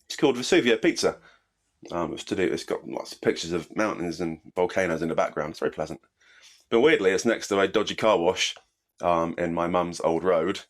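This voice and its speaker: A British man in his forties with a deep, low voice and a stuffy, bunged-up nose from a cold. He talks quickly in a chatty, self-deprecating way, like a podcast co-host catching up with an old friend. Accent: British English. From Britain. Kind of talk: casual chat.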